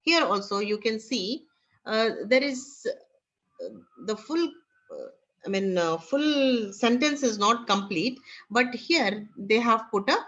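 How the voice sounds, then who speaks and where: A woman teaching an online class with an Indian English accent, talking haltingly with many fillers. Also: on the high side, animated, a bit bright. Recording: dull lo-fi online class audio.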